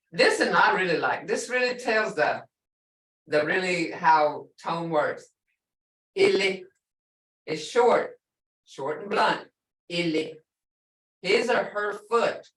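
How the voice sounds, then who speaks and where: A woman's voice: medium pitch, fairly bright tone, echoey room, far from the mic. A woman teaching an online language class, patiently repeating and drawing out each word to show its tone. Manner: slow, patient, models words by drawing out tones. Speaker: language instructor.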